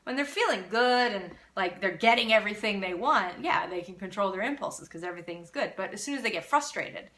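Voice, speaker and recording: Bright-voiced woman, earnest parenting coach. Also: mid-range voice, fairly quick, hardly any pauses. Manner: earnest, animated, acts out children's voices. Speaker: parenting coach hosting a live Q&A. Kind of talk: live Q&A, answering viewer comments.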